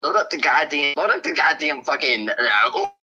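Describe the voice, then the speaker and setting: A man's voice: a little high, animated, fairly quick, pushed and bright, faint music behind, rough recording. A man ranting angrily at friends in a gaming voice chat, swearing and repeating "bro". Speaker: gamer friend. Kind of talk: angry rant in voice chat.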